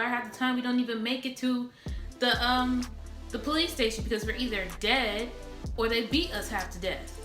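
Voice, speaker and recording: Woman vlogger, blunt impassioned rant to camera, higher voice, music bed behind. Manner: blunt, talks straight to viewers. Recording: echoey room with background music.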